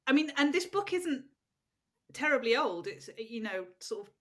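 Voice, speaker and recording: Woman, high voice, lively swooping pitch, giggly casual book chat. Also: normal speed. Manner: giggly, animated, reads quotes aloud. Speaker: podcast co-host.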